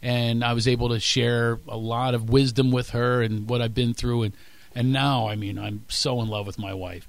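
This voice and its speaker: A man in his fifties with a thick Philadelphia accent, guesting as a comedian. He strings stories and jokes together at a quick clip. His voice is mid-pitched and recorded dry and close. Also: flat delivery, no echo. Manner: rapid storytelling, quick to launch into bits. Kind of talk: interview chat with joke bits.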